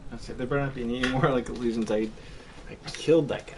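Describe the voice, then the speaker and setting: A man's voice: medium pitch, steady tone, fast, noisy background. A young man chatting casually while streaming a game, rambling with lots of fillers. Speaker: gameplay streamer. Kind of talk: casual chat while gaming.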